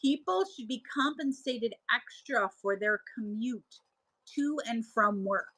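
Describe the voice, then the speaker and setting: A woman's voice: a little high, animated, a little slow, fairly bright tone, slightly rough, rough recording. A woman in her thirties hosting a live selling stream, chatting casually and laughing as she answers viewers' comments.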